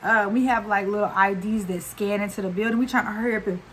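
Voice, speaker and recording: A woman tells a story to her camera at home. Her voice sits at a middle pitch, and her talk is chatty and slangy, full of fillers and run-on asides. A faint steady noise sits under the voice. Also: fast talker, low-quality recording. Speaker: vlogger. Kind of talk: casual storytime.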